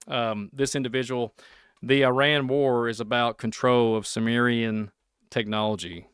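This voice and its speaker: A man's voice: mid-range voice, smooth, no echo, studio quality. A man with a Kentucky accent hosting a podcast, reading posts and news aloud in a folksy, rambling way, repeating lines and slipping into preachy asides. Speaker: podcast host.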